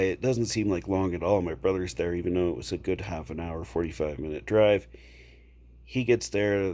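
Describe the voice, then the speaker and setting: A man casually telling a personal story to camera, unhurried, checking in with the listener now and then. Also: low voice, darkish tone. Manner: unhurried, with fillers and repeated "okay?" check-ins.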